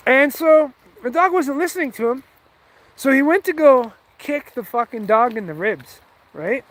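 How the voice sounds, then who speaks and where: High-voiced man telling a profane story. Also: fairly bright tone. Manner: profane, heated, rambling. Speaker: vlogger. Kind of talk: casual storytelling.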